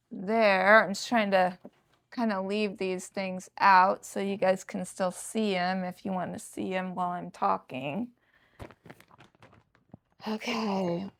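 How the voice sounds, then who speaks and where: A woman in her sixties talks through her thrift finds in a relaxed, unhurried way. Her voice is smooth and clear, and she speaks straight to her viewers with chatty enthusiasm, like a casual home vlog. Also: medium pitch. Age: 60s. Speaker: thrift reseller vlogger.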